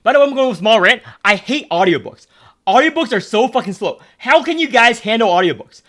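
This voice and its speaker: Man, young adult, high-pitched voice, game streamer, blunt profane repetitive ranting, casual commentary. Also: expressive, fairly quick, bright, forceful tone.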